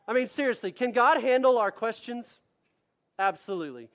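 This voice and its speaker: A man's voice: very high-pitched, lively intonation, normal speed, a bit bright. A man preaching a sermon with energy, urging his listeners on with rhetorical questions and reading scripture aloud. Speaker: pastor.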